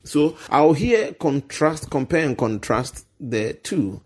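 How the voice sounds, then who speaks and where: A man's voice: fairly high pitch, sing-song, takes it slowly. A man giving earnest, conversational Christian teaching as a guest, often restarting and searching for words. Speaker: guest speaker.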